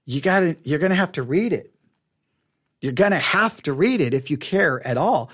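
A man teaching a Bible study method in a casual, animated way, repeating phrases for emphasis and adding playful asides. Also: fairly high pitch, moderate pace, slightly rough.

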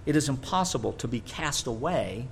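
Male preacher, mid-pitched voice, teaching from scripture with emphatic repetition and sharp shifts from booming to hushed. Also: animated, moderate pace, vocal fry, slight background noise. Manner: emphatic, repeats words for stress, wide swings in loudness.

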